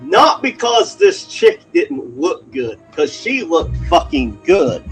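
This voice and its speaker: A man's voice: sits high, big pitch swings, takes it slowly, soft background music, poor audio. A man telling a crude personal story in a rambling, profane way, laughing as he goes.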